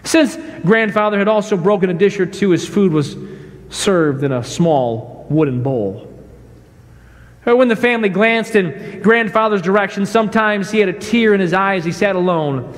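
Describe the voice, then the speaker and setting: High-voiced preaching pastor in a reverberant church. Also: male voice, animated, normal speed. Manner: emphatic preaching, sudden shouts and hushed drops. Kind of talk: sermon. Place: church sanctuary.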